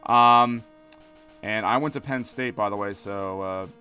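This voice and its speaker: A man's voice: fairly low pitch, unhurried, pushed and bright, smooth, faint music behind. A man in his thirties streaming a game, chatting in a loose, rambling way full of restarts. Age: 30s. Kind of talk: casual let's-play chat.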